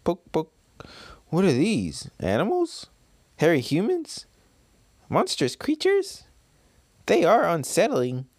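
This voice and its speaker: A man doing a curious little boy from a comic, high and wondering, asking question after question. The room sounds dry and close. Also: huge pitch swings, slow pace, pauses often, no echo, full character voice.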